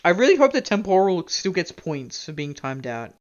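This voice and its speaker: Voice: mid-range voice, big pitch swings, moderate pace, highs cut off. Rambling self-mocking streamer from Canada. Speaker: game streamer. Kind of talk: casual live-stream chat.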